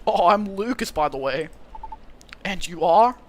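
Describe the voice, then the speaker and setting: A man's voice: high voice, animated, unhurried, a little hiss or hum. A man voicing a laid-back young male satyr with a put-on Californian accent and a bleating, goat-like drawl. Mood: cheerful. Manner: upbeat, easygoing slang.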